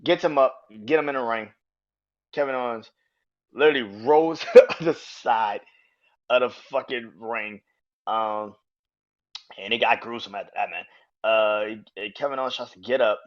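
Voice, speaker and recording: Male podcast host, casual and profane, animated delivery, lo-fi audio. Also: mid-range voice, moderate pace, long pauses. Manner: animated, profane, acts out quotes in raised voices. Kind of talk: casual match review. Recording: dull lo-fi audio.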